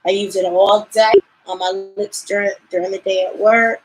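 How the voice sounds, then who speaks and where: A woman's voice: medium pitch, moderate pace, faint music behind, low-quality recording. A young woman vlogger chats casually about skincare late at night, tired and yawning, with many fillers. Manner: relaxed and chatty, with many "um" fillers, and sometimes yawning. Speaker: beauty vlogger. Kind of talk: casual live skincare chat.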